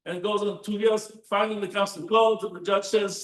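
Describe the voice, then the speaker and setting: A high-voiced male rabbi delivers a sermon, telling stories animatedly and firing rhetorical questions at his listeners. The mic sits well away from him in an echoing synagogue hall, so the room rings around every phrase. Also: steady tone, brisk, few pauses. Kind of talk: Torah sermon. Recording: roomy echo, distant mic.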